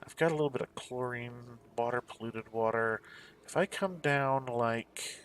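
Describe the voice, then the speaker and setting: A man in a mid-pitched voice talks through a video game at an easy, rambling clip, half-mumbling to himself as he hunts around the map. A faint hiss sits under the recording. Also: normal speed, fairly bright tone. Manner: mumbling to himself, musing and searching. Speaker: gameplay commentator. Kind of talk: casual let's play commentary.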